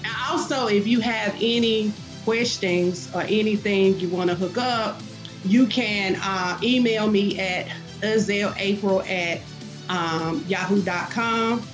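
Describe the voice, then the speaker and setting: Brief: middle-aged woman minister, fervent guest, mid pitch, faint music under. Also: takes it slowly, low-quality recording. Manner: fervent, emphatic, dialect grammar, many um fillers. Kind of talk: preaching-style interview talk.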